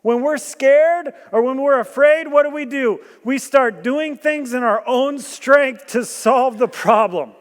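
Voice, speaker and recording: High-voiced man preaching in a reverberant hall. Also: unhurried, few pauses. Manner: animated storytelling with jokes and rhetorical questions; bursts into loud emphasis. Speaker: guest preacher. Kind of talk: sermon. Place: church hall. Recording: long church hall reverb.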